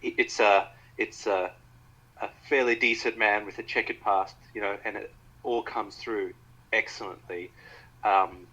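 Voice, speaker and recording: Bright, eager Australian co-host. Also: male voice, on the low side, steady tone, poor audio. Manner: enthusiastic, halting, many fillers and restarts. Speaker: podcast co-host. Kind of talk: casual film review chat.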